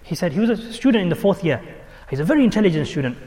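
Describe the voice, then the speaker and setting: A man's voice: sits high, very fast, long reverb tail. A man teaching as a religious speaker, telling stories animatedly and acting out the people he quotes, with frequent restarts. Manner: animated storyteller who acts out quoted speech, with frequent restarts. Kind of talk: storytelling sermon.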